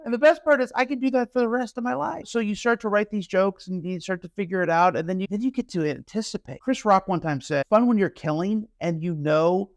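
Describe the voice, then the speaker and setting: A man's voice: sits high, fairly quick, hardly any pauses, dry recording, clean studio sound. A man who is a stand-up comedian, chatting as a podcast guest and telling stories with energy, acting out the voices of people he quotes. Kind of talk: casual podcast chat. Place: podcast studio.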